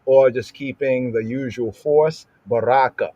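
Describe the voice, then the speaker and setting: A man teaching Hebrew scripture in a livestream. He repeats words again and again, asks "right?" after nearly every phrase, and drags out Hebrew words slowly to show how they are said. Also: mid-range voice, darkish tone, no echo, lo-fi sound.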